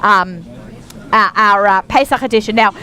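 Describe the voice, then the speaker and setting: Broadcasting her radio show live from a busy shop, this middle-aged Australian woman chats casually and bubbly, using lots of fillers. Her voice is medium-pitched and sharp, at a moderate pace, with faint store noise behind her.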